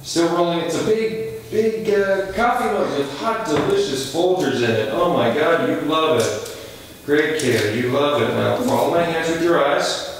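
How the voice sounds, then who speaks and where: Pushy casting director, rapid-fire directions, booming echo, distant from the mic, background hiss. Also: male voice. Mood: brisk. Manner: rapid-fire directions, swinging up loudly when excited. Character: pushy, overexcited male casting director, adult. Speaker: casting session runner. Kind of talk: scripted comedy sketch. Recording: echoey room, far from the mic, noisy.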